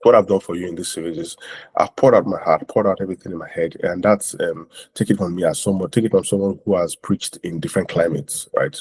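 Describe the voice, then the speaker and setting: A man's voice: deep voice, fairly even intonation, fast, a little mellow, slightly rough. A man teaching street evangelism in a loose, repetitive talk, often asking "right?" and acting out what he says to strangers.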